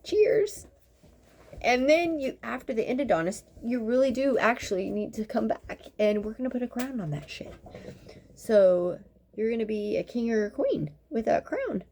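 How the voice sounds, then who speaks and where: Her voice sits on the high side and sounds animated, with a darkish tone and a moderate pace. She's a dental practitioner in her fifties, rambling through an exasperated, profane, sarcastic rant that pulls no punches.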